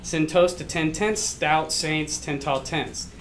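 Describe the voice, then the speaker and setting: Slow-talking joking male teacher. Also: a little high, fairly even intonation. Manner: slow, joking self-commentary. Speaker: math teacher. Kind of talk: tongue twister attempt. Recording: noisy live stream audio.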